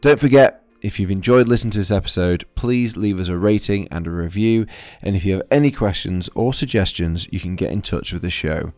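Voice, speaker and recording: A man's voice: sits low, a little fast, darkish tone, soft background music. A man hosting a podcast, a chef who chats in an easygoing way and explains dishes step by step. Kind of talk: casual interview chat.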